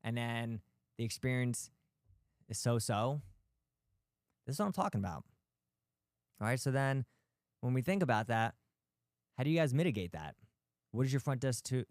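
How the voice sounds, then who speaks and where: Male host, medium pitch, smooth and crisp, dry close sound, blunt and emphatic delivery. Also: a little mellow, no room sound. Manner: blunt, emphatic, rhetorical questions, mild swearing. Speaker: podcast host, physical therapist. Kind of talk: animated talk to practice owners.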